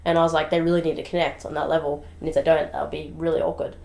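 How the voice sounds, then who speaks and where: Woman director, low voice, chatty, echoey room. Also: little pitch movement, creaky, a little mellow. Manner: chatty, quick to laugh. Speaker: director who cast the actors. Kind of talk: casual chat. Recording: roomy echo.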